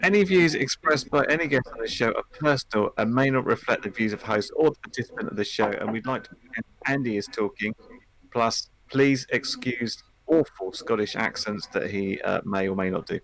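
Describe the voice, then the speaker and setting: A man's voice: on the low side, brisk, gravelly, a bit bright, low-quality recording. A man co-hosting a podcast, joking in casual banter with a mock-formal touch. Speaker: podcast co-host.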